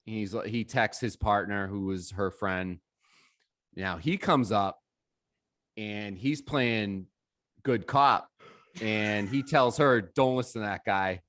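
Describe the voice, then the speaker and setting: A man telling a story on a podcast with lively quoted dialogue and frequent swearing. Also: lowish voice, slow pace, pauses often, no echo, studio quality. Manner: animated, acts out quotes, swears freely. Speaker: DJ guest. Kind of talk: casual storytelling.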